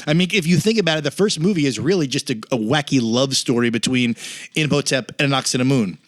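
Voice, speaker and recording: A man co-hosting a podcast, discussing a film in a casual, wry and amused way and quoting characters with mock yells. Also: medium pitch, fast talker. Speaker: podcast co-host.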